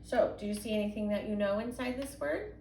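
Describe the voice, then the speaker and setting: A young woman teacher gives a phonics lesson from home to young children, patiently sounding out words slowly in a sing-song way. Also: fairly high pitch, gravelly, warm tone. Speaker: kindergarten and first grade teacher. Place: home, indoors. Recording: echoey room with faint background hum.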